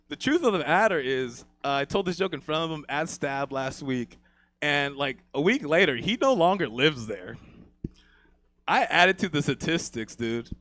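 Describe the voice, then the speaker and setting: Swaggering bright-voiced stand-up comic. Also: male voice, fairly high pitch, animated, normal speed, no room sound. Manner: crude, swaggering, laughs at own jokes. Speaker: stand-up comedian. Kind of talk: stand-up comedy set.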